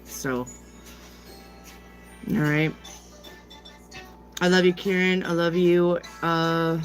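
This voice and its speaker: A woman's voice: lowish voice, flat delivery, extremely slow, soft background music. An older woman hosting a tarot livestream, chatting casually and affectionately, greeting viewers by name.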